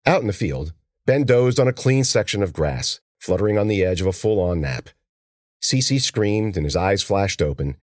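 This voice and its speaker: A man reading a story aloud as a narrator, expressive and lively in his delivery. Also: on the low side, moderate pace, no room sound, studio quality. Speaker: audiobook narrator. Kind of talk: scripted narration.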